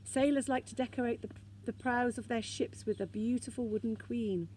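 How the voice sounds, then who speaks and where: A woman's voice: a little high, steady tone, normal speed, warm tone, a little hiss or hum, pitched above the performer's own voice, natural voice. A woman reading aloud, voicing a kindly, fatherly older male troll who once sailed the seas.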